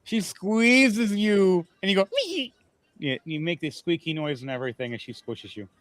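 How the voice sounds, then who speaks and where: A man's voice: on the high side, normal speed, a bit bright, dry recording. A man running a tabletop game as game master, rambling and laughing, with many fillers.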